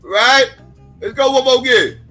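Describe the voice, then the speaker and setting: Man, live stream host, profane rant, high voice, bright and sharp, faint music behind. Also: measured pace. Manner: heated, blunt and repetitive, addressing viewers directly. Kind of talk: profane political commentary.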